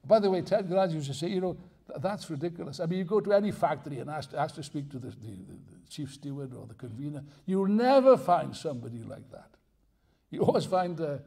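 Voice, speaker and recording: A man's voice: on the high side, creaky, warm tone. An older man giving a live lecture to an audience, emphatic and digressive, with wry asides and jokes. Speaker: speaker at a political festival.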